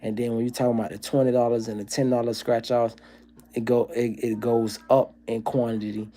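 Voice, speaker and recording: A man's voice: medium pitch, little pitch movement, a little fast, dark tone. A man hosting a livestream, talking casually and working through comedy bits in a profane, ranting way. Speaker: livestream host.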